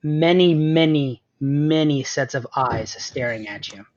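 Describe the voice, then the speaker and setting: A man runs a tabletop game in a loose, easygoing way, with plenty of fillers. His voice sits slightly high, and the recording is dull and lo-fi. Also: measured pace, a little mellow. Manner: casual, filler-heavy. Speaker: game master. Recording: dull lo-fi sound.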